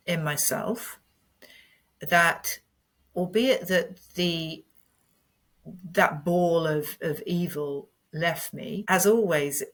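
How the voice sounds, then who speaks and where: A woman in her fifties, a podcast guest telling a personal story in an earnest, candid way. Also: low voice. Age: 50s. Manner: earnest and candid, animated when retelling.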